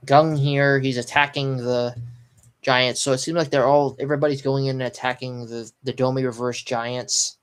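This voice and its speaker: A sleepy, yawning man doing a casual live read-through and reaction, pausing often with ums and restarts. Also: mid-range voice, flat delivery, clean tone. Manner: halting, stops often with ums and restarts while reading. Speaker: live manga reaction streamer.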